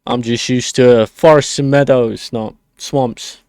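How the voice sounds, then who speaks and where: A man acting as game master, narrating and voicing characters in a measured way. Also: medium pitch, steady tone, a little mellow, dry recording, clean studio sound.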